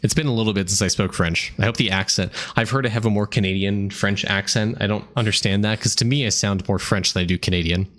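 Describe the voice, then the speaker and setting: A young American man streaming a game, rambling and thinking aloud in a halting way. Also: on the low side, steady tone, a bit bright. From United States. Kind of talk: casual gameplay commentary.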